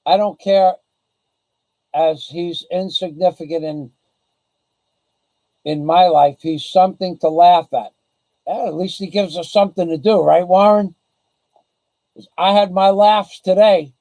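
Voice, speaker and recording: A man hosts a casual livestream, rambling bluntly and boasting as he talks. His voice sits high for a man yet sounds dark and gravelly, recorded dry and close. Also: fairly even intonation, unhurried, long pauses, no room sound, poor audio. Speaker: livestream host. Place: the Philippines.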